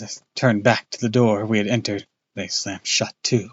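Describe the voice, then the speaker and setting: A man's voice: lowish voice, fairly even intonation, normal speed, breathy edge, no echo, muffled recording. A man casually reading a book aloud on a live stream, loose and off-hand, with crude asides.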